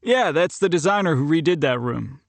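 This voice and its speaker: A man's voice: fairly high pitch, expressive, moderate pace, creaky, no room sound, pitched above the performer's own voice. A man voicing a jovial, needling hockey captain. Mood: teasing. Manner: playful, needling.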